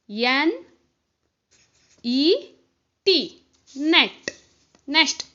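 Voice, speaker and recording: Lady tutor, high bright voice, super slow, spells every word out, kinda dull lo-fi sound. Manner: spells words letter by letter, then repeats them. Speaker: kindergarten tutor. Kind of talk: slow spelled-out worksheet walkthrough.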